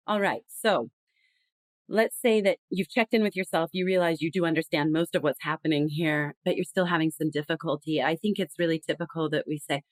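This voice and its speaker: A woman with a low voice, talking a little fast, appears as a guest on a podcast, where she works as a communication consultant. In this conversational interview she explains things earnestly and acts out example phrases. There's no room sound.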